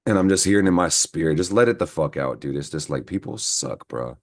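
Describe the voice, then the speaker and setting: A man's voice: rumbling low, animated, fairly quick. A man giving a casual, profanity-laced astrology reading, rambling and venting heatedly as he talks to his viewers. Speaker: astrology reader. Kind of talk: casual horoscope reading to camera.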